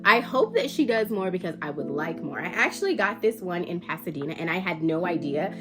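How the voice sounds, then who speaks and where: Nasal, lively woman chatting to camera. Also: fairly low pitch, a little fast, over music. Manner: animated, playful, swears casually. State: stuffy nose from allergies. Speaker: book vlogger. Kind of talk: casual chat to camera.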